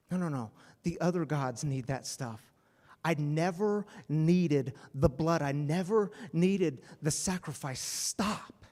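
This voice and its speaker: A man voicing God as a firm, commanding figure halting a sacrifice. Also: fairly high pitch, warm tone, big-room sound, exaggerated voice. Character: God, stern then gentle, stopping a sacrifice.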